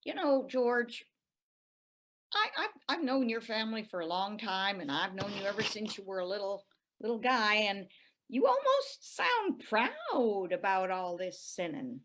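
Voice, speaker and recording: A woman's voice: medium pitch, very animated, a little slow, a bit bright. A woman playing an older nun in a live improv scene, prying at first, then gleefully conspiratorial. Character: nosy, prim older female nun who secretly loves sin. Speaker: improv performer.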